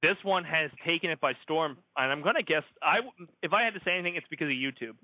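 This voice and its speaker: A young man hosting a podcast, bantering and joking about himself in a relaxed way. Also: a little high, quick pace, no room sound. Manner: joking, self-mocking. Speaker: podcast host. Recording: tinny phone-like recording.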